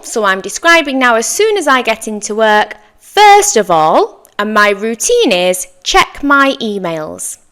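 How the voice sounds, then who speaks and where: Woman, English teacher, slow careful pace, lively intonation, encouraging drills. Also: a little high. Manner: encouraging, enunciates model sentences slowly. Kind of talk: slow, clear language lesson with repeat-after-me drills.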